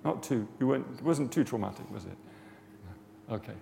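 A man preaches in a loose, chatty way, his gravelly voice swooping up and down as he presses his points with fervour. The sound carries a long hall reverb with a faint hiss behind it. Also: mid-range voice, animated, fairly quick, mellow. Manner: chatty storytelling, rising to fervent emphasis. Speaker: preacher teaching on healing prayer. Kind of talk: informal sermon talk.

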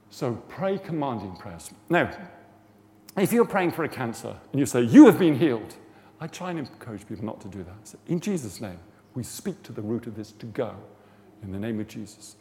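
A man's voice: mid-range voice, very animated, moderate pace. A man giving an informal sermon on healing prayer, chatty and storytelling, rising to fervent emphasis. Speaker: preacher teaching on healing prayer. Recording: long hall reverb, faint background noise.

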